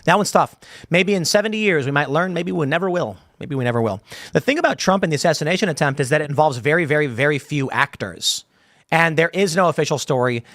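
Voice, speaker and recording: A man with a fairly high, slightly bright voice talks fast while hosting a live show, reading chat comments and riffing on them. His casual live-stream commentary rambles, full of fillers and restarts, in a dry, clean studio recording.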